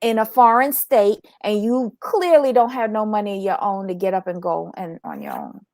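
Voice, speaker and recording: A woman co-hosting a podcast, chatting casually about a reality show, frank and opinionated and quick to laugh. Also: mid-range voice, darkish tone, no room sound. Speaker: podcast co-host.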